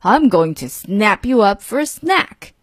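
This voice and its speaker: A woman voicing a greedy snapping turtle in a storybook reading, in a gruff, snappy voice. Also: medium pitch, very animated, a little slow, no room sound, clean studio sound.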